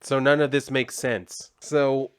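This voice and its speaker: Comic reviewer, sarcastic, swears freely, rambles through the recap, mid-pitched male voice, dry close sound. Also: flat delivery, slow, smooth, no echo. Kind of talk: casual recap.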